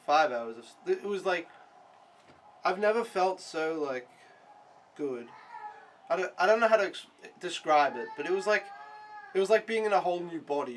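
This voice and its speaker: A man's voice: on the high side, a bit bright. A young man, chatting casually and rambling about his week as an au pair. He swears freely, fills his talk with fillers, and has a sore throat. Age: young adult. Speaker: au pair vlogger. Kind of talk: casual chat.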